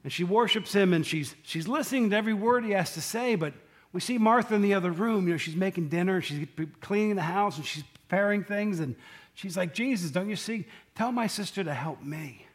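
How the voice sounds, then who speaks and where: A man with a high-pitched voice preaches a casual sermon at a slightly fast clip. He talks conversationally with the congregation, puts questions to them, and acts out the lines he quotes.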